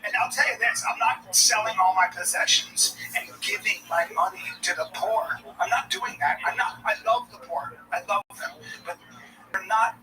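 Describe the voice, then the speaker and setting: A man in his forties performing a sardonic stand-up comedy set, bursting into shouts at times. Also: sits high, normal speed, faint music behind. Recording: distant mic with clear background noise.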